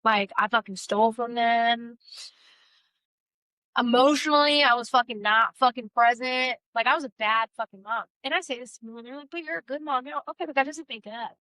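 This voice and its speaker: A woman's voice: fairly high pitch, fairly quick, sharp tone, dry recording. A woman co-hosting a podcast, talking candidly and bluntly about recovery and shame, swearing freely and stressing her words. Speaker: podcast co-host. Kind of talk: candid casual chat.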